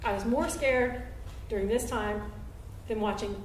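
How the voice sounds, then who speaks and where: A woman telling a story on stage at a live show, acting out what people said with big jumps in pitch and loudness. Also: unhurried, slight background noise. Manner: animated, acts out quotes with big jumps in pitch and volume. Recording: roomy live venue, recorded from a distance.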